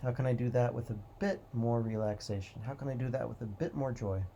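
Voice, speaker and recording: Brief: male host, gravelly, warm low tone, calm repetitive motivational musing, faint background hiss. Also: highs cut off. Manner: calm, repetitive, drawn-out phrasing. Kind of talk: slow reflective motivational monologue.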